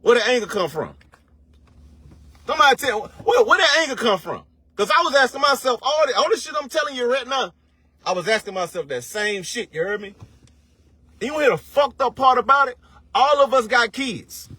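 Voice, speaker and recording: An online commentator speaks in a very high, sharp, expressive voice with a breathy edge, captured dry. He delivers a preachy motivational rant that's casual and profane, heavy on slang and rhetorical questions, drawing words out for emphasis.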